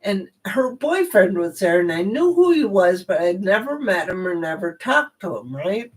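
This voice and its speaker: A woman host telling a personal story in a chatty, rambling way, with many asides and animated moments. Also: medium pitch, moderate pace, slightly rough.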